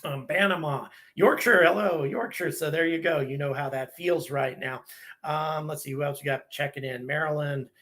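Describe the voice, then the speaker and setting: A man's voice: a little high, fairly even intonation, moderate pace, a bit bright. An American man hosting a casual live stream, reading out viewers' locations and thanking them one by one, with frequent ums and restarts.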